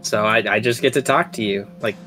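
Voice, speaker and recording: A man playing a tabletop game who pauses often with "um" and "like" while he plans his moves. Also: lowish voice, music in the background. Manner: hesitant, full of "um" and "like" while deciding moves. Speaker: player. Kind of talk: casual tabletop play.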